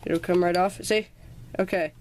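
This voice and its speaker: A woman's voice: fairly low pitch, steady tone, moderate pace, a little mellow, slight background noise. A teenage girl chats through a casual birthday haul vlog in her bedroom. She rambles and lists her items one by one, sounding a touch sick and slightly out of breath. The sound comes from the camera's own built-in mic. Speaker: vlogger. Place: dark bedroom at home.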